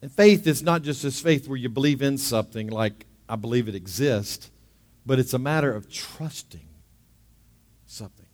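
A middle-aged man preaching a sermon. He moves from hushed storytelling to loud, fervent preaching. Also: mid-range voice, normal speed. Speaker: pastor.

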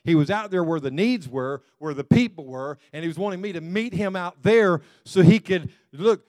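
A man's voice: sits high, darkish tone, dry recording. A male pastor, preaching a conversational sermon with chuckles and restarts.

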